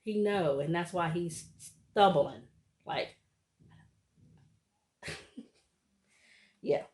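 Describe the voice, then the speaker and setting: A woman with a low voice talks through a reality TV episode in a casual, chatty way. She laughs often and acts out what the people on the show said. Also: extremely slow, darkish tone. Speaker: reality TV recap vlogger. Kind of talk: casual recap chat.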